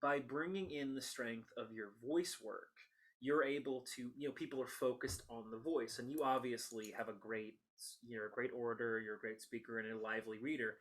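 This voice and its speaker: An enthusiastic man hosts a relaxed interview, chatting freely and laughing along with his guest. His voice sits at an ordinary middle pitch, and he speaks in long, meandering thoughts. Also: moderate pace. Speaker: podcast host. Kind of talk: casual interview conversation.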